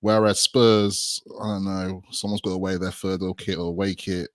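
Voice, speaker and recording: A man's voice: low voice, flat delivery, normal speed, no echo. A young man co-hosting a casual football podcast, speaking with hesitant, stammering restarts. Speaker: podcast co-host.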